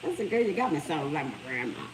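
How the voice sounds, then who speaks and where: A middle-aged woman speaks, her voice sitting slightly low as she hosts a casual livestream. She tells stories with animated energy. A faint background noise sits under the recording. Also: quick pace. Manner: animated storytelling, lively quoted voices. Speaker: livestream host.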